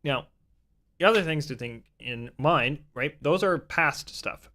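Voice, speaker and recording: A man's voice: on the high side, lively intonation, a little slow, bright, forceful tone. A young man giving casual, rambling advice about tabletop role-playing, with frequent fillers and restarts. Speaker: tabletop game YouTuber.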